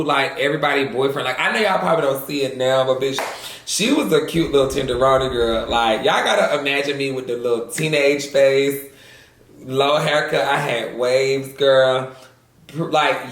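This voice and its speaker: Man, vlogger, sassy, crude slang, gravelly voice, roomy echo. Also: medium pitch, a bit bright. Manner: sassy, crude slang, calls the audience "girl". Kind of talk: casual storytelling mukbang chat.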